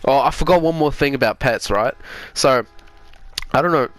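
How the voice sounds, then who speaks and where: A man's voice: mid-range voice, moderate pace, dry recording. Sweary Australian man telling a yarn. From Sydney, Australia. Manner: sweary, laughing storyteller. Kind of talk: casual chat.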